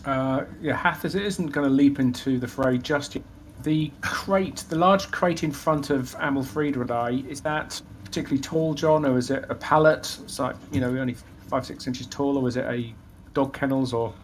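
A man playing a tabletop game, upbeat and quick to laugh, asking about the scene. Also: medium pitch, a little hiss or hum. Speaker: player. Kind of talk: casual game chat.

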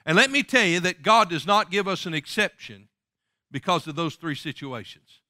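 Forceful preaching man. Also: high voice, animated, no echo, studio quality. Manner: emphatic preaching, reads scripture slowly and solemnly. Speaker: pastor. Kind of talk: sermon.

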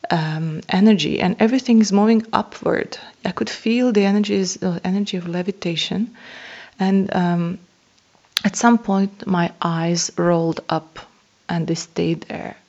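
A woman tells a personal spiritual story in an earnest, awed way, with soft laughs and hesitations. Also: medium pitch, breathy edge. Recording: dull lo-fi sound.

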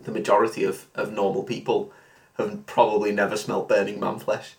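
A man's voice: on the low side, completely flat delivery, a little fast, vocal fry. A man co-hosting a podcast, chatting casually with dry, teasing humor. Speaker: podcast co-host. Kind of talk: casual comedic chat.

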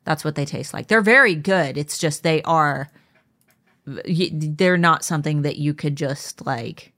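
A woman's voice: low voice, a little slow, a bit bright. Chatty co-host: a woman in her thirties who rambles and restarts, loose and casual. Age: 30s. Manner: rambling, many fillers and restarts. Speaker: podcast co-host. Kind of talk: casual chat.

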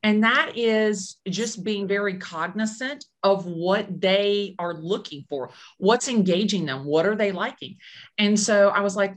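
Animated woman telling stories. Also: mid-range voice, measured pace. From Atlanta, Georgia. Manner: animated storyteller acting out quotes. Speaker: real estate agent. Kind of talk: casual interview chat.

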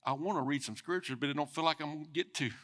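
A man's voice: on the high side, racing. Man preaching a conversational sermon. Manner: conversational preaching, speeding up and swelling in loudness for emphasis. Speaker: pastor.

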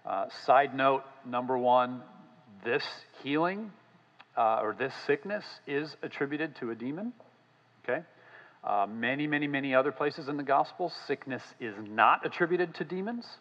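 A male pastor preaching a sermon, conversational with many fillers, rising in emphasis on scripture and ending in a quiet, halting prayer. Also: mid-range voice, lively intonation, long reverb tail, muffled recording.

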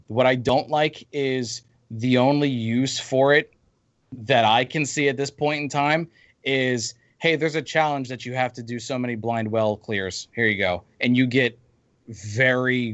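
A man's voice: medium pitch, unhurried, fairly bright tone, dry recording. Man venting in a lo-fi recording. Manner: venting, rambling with restarts. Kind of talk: casual gaming chat. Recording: dull lo-fi dry mic.

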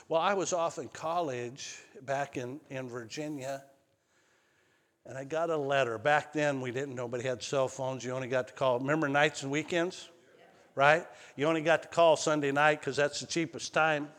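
A male pastor telling a personal story in a sermon, swinging between loud calls and hushed lines. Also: medium pitch, steady tone, normal speed, big-room sound. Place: church sanctuary.

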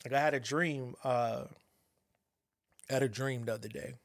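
A man shares a personal story, stopping and restarting often as he searches for his words. His voice sits at an ordinary middle pitch. The sound is dry and close, with no room echo. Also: fairly even intonation, gravelly. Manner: halting, many restarts and fillers, reflective. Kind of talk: personal monologue about anxiety and a dream.

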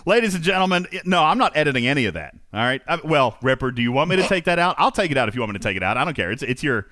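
Playful livestream host man, lively voice. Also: medium pitch, racing, no echo, clean studio sound. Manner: joking, laughs often, sing-song announcing. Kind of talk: casual livestream chat.

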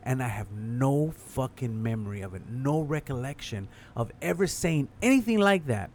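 A man's voice: mid-range voice, expressive, moderate pace, darkish tone, a little hiss or hum. Rambling profane comedian man, mid voice. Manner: loose, profane and rambling, with many restarts. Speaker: stand-up comedian. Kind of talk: casual podcast chat.

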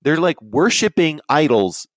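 A man telling stories in casual talk, rambling and animated, often dropping into quoted voices. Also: on the high side, measured pace, dry recording. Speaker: podcast guest. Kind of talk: casual storytelling.

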